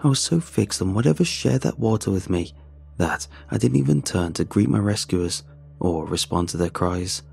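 Deep gravelly male horror narrator. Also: animated, a little mellow. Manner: measured, tense storytelling.

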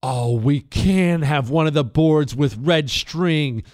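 A middle-aged man hosting a talk radio show, delivering an emphatic monologue with quick asides. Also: on the high side, no echo, clean studio sound. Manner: animated, emphatic, quick asides and put-on quoted voices.

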